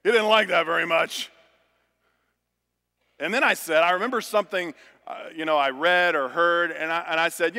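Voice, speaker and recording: A male pastor preaching a sermon, building to loud, emphatic refrains. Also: on the high side, moderate pace, long pauses. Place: church sanctuary. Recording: reverberant church hall.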